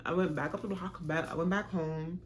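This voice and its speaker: A young woman telling a storytime on her vlog, frank, animated and profane. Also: fairly low pitch, fairly quick, slight background noise. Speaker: vlogger.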